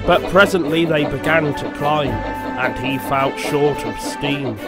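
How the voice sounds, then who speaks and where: A man narrating a storybook in a slow, measured reading. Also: on the high side, fairly even intonation. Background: background music.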